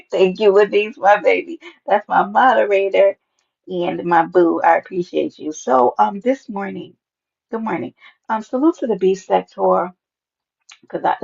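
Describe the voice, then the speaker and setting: Sassy gravelly woman live-streaming, drawl. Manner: animated, sassy, swings into high playful greetings. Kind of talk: casual live-stream chat greeting viewers. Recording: dull lo-fi stream audio.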